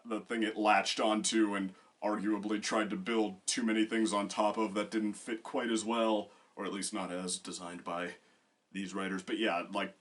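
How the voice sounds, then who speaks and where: A man's voice: lowish voice, little pitch movement, moderate pace. A man co-hosting a casual discussion, rambling with many fillers and restarts. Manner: bursts into loud acted quotes. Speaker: co-host.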